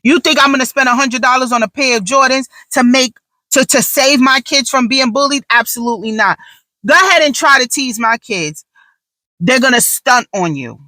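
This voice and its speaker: A woman in her thirties, a mother and podcast host, talking casually in an animated, sassy storytelling way with quick asides. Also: high voice, dry recording, low-quality recording. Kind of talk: casual talk monologue.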